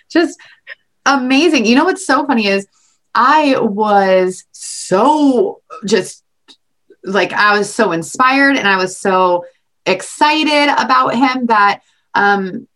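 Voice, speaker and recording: A woman's voice: fairly high pitch, animated, takes it slowly, a bit bright. A woman co-hosting a podcast, telling stories in a gushing, enthusiastic way with lots of "like". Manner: gushing, enthusiastic storytelling with frequent "like". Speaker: podcast co-host. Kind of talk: casual podcast chat.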